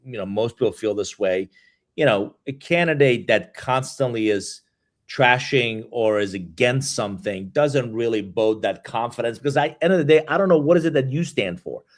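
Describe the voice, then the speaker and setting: A man's voice: mid-range voice, expressive, moderate pace. A man hosting an interview, giving encouraging remarks and asking long questions that he restarts several times. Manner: affirming, rambling questions with restarts. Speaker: interview host. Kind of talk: conversational interview.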